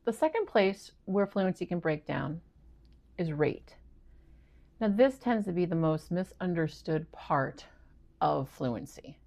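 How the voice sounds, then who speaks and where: Woman, middle-aged, reading tutor, video lesson, gravelly, slightly low pitch, thinks aloud. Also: expressive, slow, darkish tone. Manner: chatty, self-correcting, thinks aloud.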